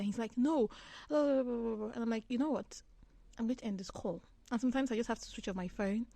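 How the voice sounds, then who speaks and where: A woman's voice: a little high, quick pace, vocal fry, dark tone, no room sound. A woman guest in a casual chat, telling a story in a chatty, laughing way with many fillers.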